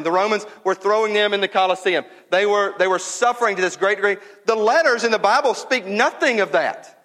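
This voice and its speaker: A man preaching to his congregation, talking through a passage verse by verse. He speaks in a fairly high voice, casual but emphatic, and leans on key words. A long hall reverb trails behind him. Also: bright, forceful tone. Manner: conversational, emphatic, repeats words for stress. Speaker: pastor. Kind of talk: sermon. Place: church.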